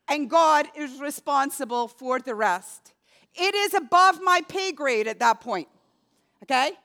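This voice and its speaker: A woman's voice: high voice, lively intonation, unhurried, fairly bright tone. A woman preaching a sermon in an earnest, emphatic way, speaking prayers aloud as examples.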